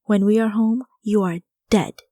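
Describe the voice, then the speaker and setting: An impulsive young witch barks brisk orders at her broom, as a woman narrator puts her on. The voice is mellow and unforced, close to a plain storytelling voice. The recording is dry and close, as in a storybook audiobook. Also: mid-range voice, steady tone, no room sound, natural voice. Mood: bossy.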